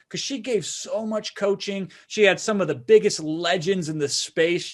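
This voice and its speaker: A man hosting a sales webinar, talking persuasively in a conversational way and often tagging lines with "right?". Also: high voice. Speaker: webinar host.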